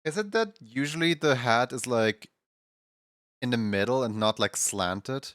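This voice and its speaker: A man's voice: medium pitch, measured pace, a bit bright, dry recording, studio quality. A man with a Central European accent, chatting casually to his livestream while drawing, rambling and talking to himself with filler words. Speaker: streamer.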